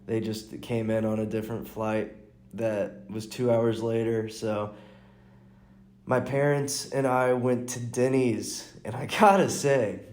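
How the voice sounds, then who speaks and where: A man's voice: lowish voice, warm tone. A man hosting a casual solo podcast, rambling through stories, restarting his sentences and chuckling. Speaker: podcast host and stand-up comic. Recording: roomy echo.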